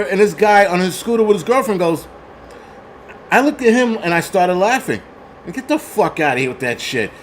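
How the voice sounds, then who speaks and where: A man hosting a livestream, telling a story in a profane, animated rant and thanking viewers. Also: sits high, a little hiss or hum. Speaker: host.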